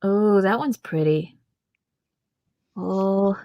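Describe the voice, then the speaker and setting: A woman's voice: mid-range voice, drawn-out words, no echo, dull audio. A woman co-hosting a podcast, chatting playfully and laughing easily. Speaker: podcast co-host. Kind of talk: casual chat.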